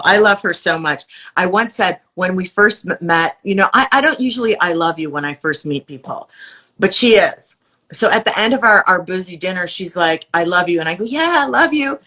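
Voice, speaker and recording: A woman's voice: lowish voice, normal speed. A woman hosting a live video stream, speaking effusively and inspirationally to a guest and her viewers. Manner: effusive, warm-hearted, inspirational. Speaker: host. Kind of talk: live-streamed casual chat.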